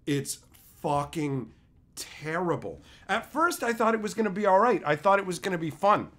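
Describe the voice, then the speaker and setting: A man's voice: sits high, sing-song, normal speed, fairly bright tone. A man streaming live, chatting casually with his chat and ranting with repeated, profane phrases. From Canada.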